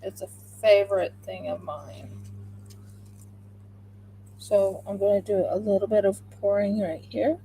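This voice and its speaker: A woman's voice: medium pitch, fairly even intonation, measured pace, long pauses, mellow, slight background noise, rough recording. A woman chatting casually on a livestream, talking through each step of her craft work as she goes. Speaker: crafter livestreaming a resin pour.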